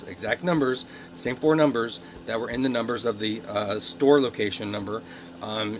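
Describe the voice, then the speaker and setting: A man's voice: lowish voice, background noise. A man speaking a rambling, emotional video diary monologue, swearing often. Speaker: video diarist.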